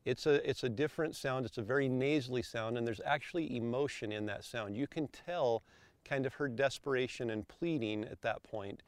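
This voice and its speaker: A man calmly explaining elk calls step by step, as an instructor. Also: medium pitch, normal speed, no echo. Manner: calm, methodical, explains step by step.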